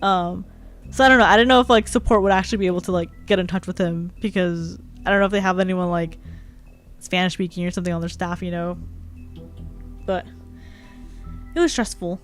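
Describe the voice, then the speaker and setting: A woman's voice: fairly low pitch, fairly even intonation, fairly quick, pauses often. A young adult woman chatting casually on a live stream, rambling and filling her talk with "like". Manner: chatty, rambling, heavy use of "like". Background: faint background music.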